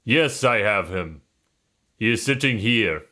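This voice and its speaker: A man voicing a booming, pompous yule spirit who holds a captive, in a put-on Russian accent. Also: slow pace, pushed and bright.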